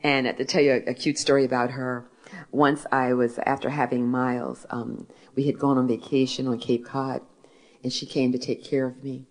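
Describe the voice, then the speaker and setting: A woman from Philadelphia, an author who tells stories in a gentle way and reads from her book. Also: rumbling low, little pitch movement, moderate pace. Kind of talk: talk with a reading from her book.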